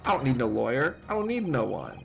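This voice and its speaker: A man's voice: medium pitch, huge pitch swings, fast, vocal fry, faint music behind. A man voicing a distrustful young girl thief with a put-on Cockney accent, defiant and slangy. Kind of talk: reading game dialogue aloud.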